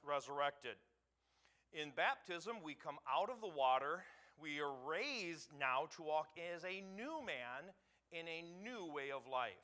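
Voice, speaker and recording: A pastor teaching a sermon, reading scripture aloud and pausing to quiz the congregation for answers. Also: male voice, a little high, bright, forceful tone. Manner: quizzes the congregation with pauses for answers.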